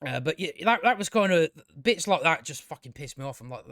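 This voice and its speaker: A man's voice: on the high side, animated, fairly quick, fairly bright tone, dry recording. Sweary man ranting, dry sound. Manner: sweary, exasperated, stammering restarts. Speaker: show reviewer. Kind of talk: casual ranting review commentary.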